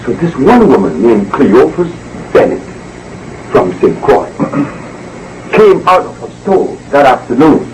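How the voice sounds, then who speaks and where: A man's voice: medium pitch, sing-song, slow pace, pauses often, a little mellow, distant mic, slight background noise, poor audio. A man giving an emphatic, preachy lecture to a live audience, repeating words for force. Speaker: speaker addressing an audience. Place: indoor evening gathering.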